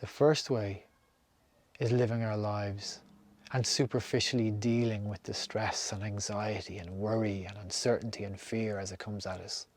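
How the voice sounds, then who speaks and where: Guy with a lowish voice talking you through slow breathing, calm, soft almost whispery. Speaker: breathing instructor. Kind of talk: guided breathing instruction.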